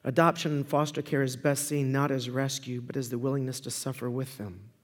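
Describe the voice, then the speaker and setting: A man preaching a sermon, telling stories with lively swings between loud outbursts and hushed, earnest stretches. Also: medium pitch, fairly quick. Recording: long hall reverb.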